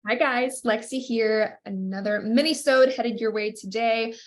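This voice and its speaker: A woman's voice: fairly high pitch, a little slow. A woman in her thirties hosting a podcast, sounding nasal and stuffed up from a cold, giving upbeat coaching tips. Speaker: podcast host. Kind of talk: scripted intro, then casual solo talk.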